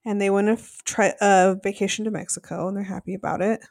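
A woman's voice: mid-range voice, fairly even intonation, quick pace, vocal fry, darkish tone, no room sound. A woman co-hosting a podcast, casually and animatedly retelling a reality show episode, saying "like" often. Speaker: podcast co-host.

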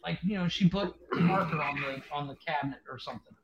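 A man's voice: on the high side, fast, reverberant, crowd noise. A man co-hosting a podcast, telling easygoing stories in a casual chat. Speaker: podcast co-host. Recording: dull lo-fi sound.

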